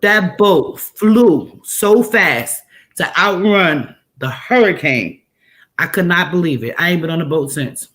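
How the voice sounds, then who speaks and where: Animated New woman telling a story. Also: fairly low pitch, takes it slowly. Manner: animated, emphatic, repeats phrases for effect. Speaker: host. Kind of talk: casual storytelling chat.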